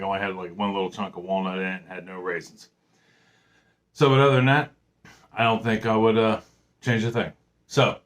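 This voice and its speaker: Rambling, friendly man with a lowish voice. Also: a bit bright. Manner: rambling, friendly, many fillers and restarts. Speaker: home cooking vlogger. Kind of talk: casual chat.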